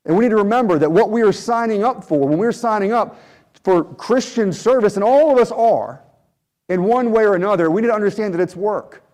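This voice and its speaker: Guy preaching a sermon, high voice, mellow and soft-toned, earnest, keeps repeating himself. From United States. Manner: earnest, repetitive preaching with prayerful pauses. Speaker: missionary preacher.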